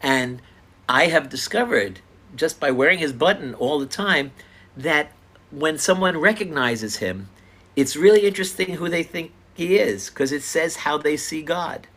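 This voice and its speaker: An older man earnestly retelling his own encounters in a casual, animated storytelling style. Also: a little high, a little slow. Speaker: speaker sharing personal stories.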